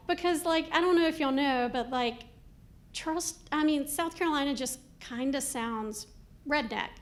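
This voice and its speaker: A middle-aged woman from Georgia, doing a chatty, animated stand-up comedy set on a club stage, her talk full of "like" asides. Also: high-pitched, normal speed.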